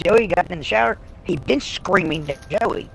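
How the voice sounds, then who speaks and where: A woman's voice: lowish voice, lively intonation, moderate pace, gravelly, soft background music, low-quality recording. A woman livestreamer telling a story in casual talk, blunt and heavily profane. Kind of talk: casual storytelling on a live stream.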